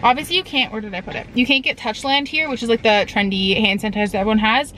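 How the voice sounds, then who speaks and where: Young woman, vlogger, animated and casual, bit of a potty mouth, phone-camera sound with faint road noise. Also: on the high side, fast, rough recording. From Canada. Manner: chatty, animated, swears casually. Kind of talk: casual vlog chat. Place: in a car and out running errands.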